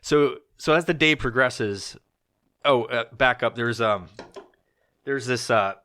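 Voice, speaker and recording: A man's voice: medium pitch, slow pace, bright, forceful tone. A man hosting a podcast, telling a rambling, profanity-laced story in a loose, casual way with plenty of fillers. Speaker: podcast host.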